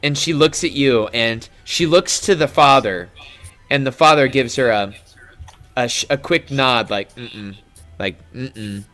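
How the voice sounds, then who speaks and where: A man narrating as game master of a tabletop game, relaxed and descriptive. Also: mid-range voice, a little slow, soft background music. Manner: relaxed, descriptive, filler-heavy.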